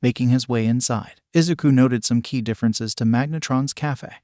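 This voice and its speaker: A man narrating a fan-fiction story in a steady, even reading voice, hardly changing it for the characters. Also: medium pitch, normal speed, no room sound, studio quality.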